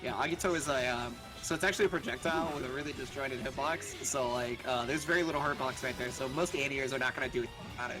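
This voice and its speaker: A man's voice: medium pitch, fast, hardly any pauses, low-quality recording. A man commentating a fighting-game tournament live, a technical explainer who breaks down mechanics. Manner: technical explainer, laughs between points. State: has the hiccups. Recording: commentary over game music.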